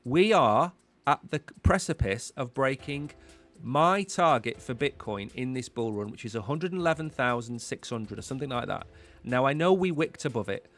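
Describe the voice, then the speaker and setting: A man's voice: mid-range voice, animated, normal speed, fairly bright tone, soft background music. A man hosting a live market commentary stream, talking in a chatty, rambling way and repeating words while he thinks. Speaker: host.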